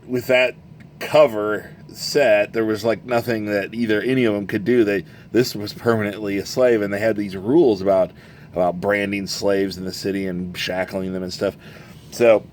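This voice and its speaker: A man's voice: fairly low pitch, level tone, normal speed, slight background noise. A man who runs tabletop games, chatting casually and rambling about an old box set, correcting himself as he goes. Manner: rambling, self-correcting, chuckling storyteller. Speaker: game master reviewing a box set. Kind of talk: casual show-and-tell chat.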